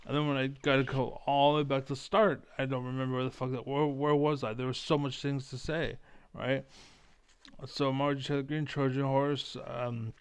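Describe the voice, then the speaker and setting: A man giving a rambling, profane political monologue, often losing his train of thought and doing mocking squeaky impressions. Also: little pitch movement, moderate pace, clean tone, no room sound.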